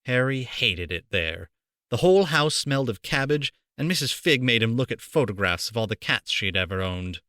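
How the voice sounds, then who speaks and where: A man reading a storybook aloud for children, playful and animated, on a close home mic. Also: medium pitch, normal speed, no room sound. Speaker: amateur voice actor reading aloud.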